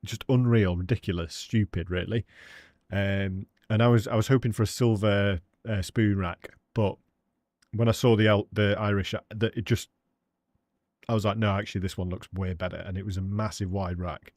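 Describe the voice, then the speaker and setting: Chatty English male game streamer, low voice, dry close-mic home setup, lots of laughs. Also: steady tone, normal speed, a little mellow, no room sound. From England. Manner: chatty, laughs often, calls viewers mate. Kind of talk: casual live-stream chat. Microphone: studio dynamic microphone.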